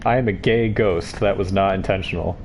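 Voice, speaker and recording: A male livestreamer chats and jokes his way through a game, his voice fairly low and relaxed. Faint background noise sits under his talk. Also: a little fast. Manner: joking, chatty asides with laughs. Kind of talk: casual gameplay commentary.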